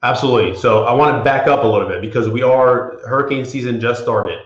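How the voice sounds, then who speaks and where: This man's medium-pitched voice moves at a quick pace. He's a guest being interviewed, a property insurance attorney from the Florida Panhandle, USA, talking casually with lots of fillers and restarts, and the recording sounds roomy, dull and lo-fi.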